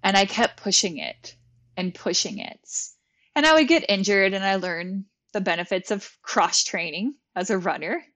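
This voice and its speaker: A woman's voice: mid-range voice, lively intonation, moderate pace, fairly bright tone. A young adult woman and yoga teacher, talking as a podcast guest, telling her story candidly with lots of "like". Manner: candid, frequent "like", acts out her own past thoughts. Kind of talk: conversational storytelling.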